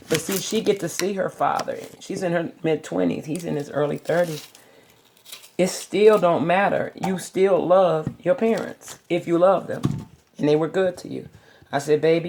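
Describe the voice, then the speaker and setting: Middle-aged lady rambling on in her kitchen, gravelly voice, bit of faint noise. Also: deep voice. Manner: chatty, rambling storyteller. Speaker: vlogger. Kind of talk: casual chat. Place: home kitchen.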